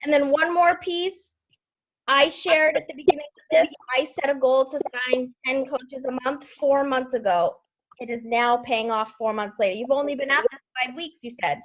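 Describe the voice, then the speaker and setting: An upbeat woman leads a group coaching call, giving direct advice with a teasing edge. Her voice is high, and it comes through a muffled, lo-fi line. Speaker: team leader running the call. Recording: dull lo-fi line.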